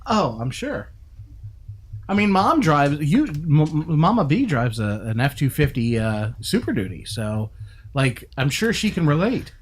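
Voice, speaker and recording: A man's voice: fairly high pitch, unhurried, slightly rough. A man from New York co-hosting a crafting livestream, joking and reading viewer comments in casual chat, often breaking into laughter. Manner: joking, bursts into laughter, voice jumps up when excited.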